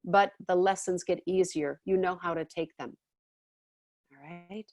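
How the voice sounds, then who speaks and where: A woman's voice: fairly low pitch, fairly even intonation, measured pace, a little mellow, dry recording. A woman teaching a class in a casual, chatty way, often checking in with her listeners. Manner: chatty, often checks in with "okay?" and "all right?".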